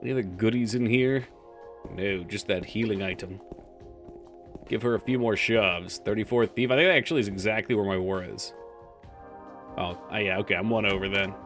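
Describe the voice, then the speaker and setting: A man's voice: on the low side, moderate pace, pauses often, soft background music. A man streaming a game live, chatting casually with his chat, swearing freely and now and then reading game text aloud. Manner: reads game files aloud in a flat voice.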